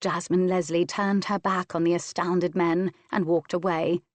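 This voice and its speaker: A woman narrating a historical romance audiobook in an even, measured way. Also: fairly low pitch, no echo. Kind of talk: scripted narration.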